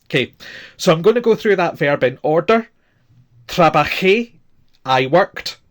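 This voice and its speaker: A man's voice: a little high, expressive, moderate pace. A man teaching a recorded language lesson, patiently repeating forms and spelling them out letter by letter.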